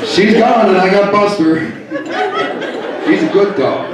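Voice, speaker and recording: A middle-aged male comedian tells his set in a deadpan way and picks on people in the crowd. His voice sits a little high. He sounds distant in a roomy club, with a lively audience laughing around him. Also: measured pace. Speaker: stand-up comedian. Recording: echoey club from far off.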